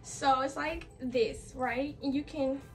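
Slow and steady in tone, a high-pitched young woman narrates a clothing DIY tutorial as a fashion vlogger. She's chatty, a touch out of breath, and leans on "like" and "y'all," heard from off the mic at a distance with faint music.

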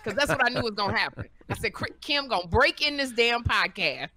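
A middle-aged woman hosting a podcast, telling stories in a lively, animated way and acting out what people said. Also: fairly high pitch, a little fast, no room sound. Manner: animated storyteller, acts out quotes. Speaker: podcast host. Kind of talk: casual chat, storytelling.

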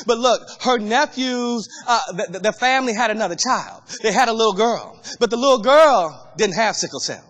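A man preaching a sermon as pastor, impassioned and rising to shouts. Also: very high voice, expressive, moderate pace, few pauses, long reverb tail.

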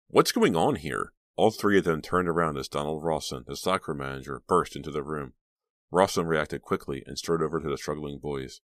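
A man narrating an audiobook in a steady, measured storytelling manner on a close mic. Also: rumbling low, no echo. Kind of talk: scripted narration.

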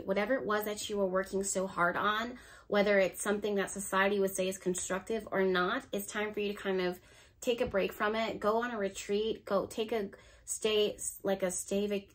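A woman giving a casual tarot reading to camera, chatty and encouraging, talking straight to her viewers. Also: medium pitch. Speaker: tarot reader.

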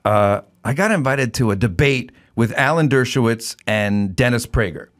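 A male comedian guest on a talk show, telling stories in casual chat with animated delivery and quick asides. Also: mid-range voice.

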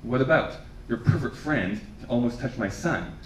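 A man's voice: mid-range voice, animated, moderate pace, slight background noise, close to an everyday voice. A man voicing a blunt, tired homeless woman who talks in a sardonic, defensive way. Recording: echoey room from far off.

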